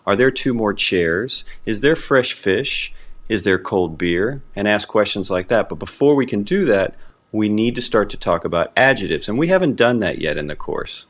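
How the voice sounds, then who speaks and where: A man teaching a beginner Spanish lesson in a friendly, patient way, slowing down for example phrases. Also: on the low side, lively intonation.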